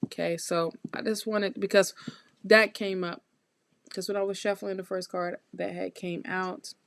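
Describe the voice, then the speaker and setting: A woman giving a live tarot reading, talking straight to her viewers in a warm, encouraging, chatty way with lots of repeats and restarts. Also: mid-range voice, flat delivery, measured pace, vocal fry. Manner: loose, chatty phrasing with restarts. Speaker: tarot reader hosting a live stream.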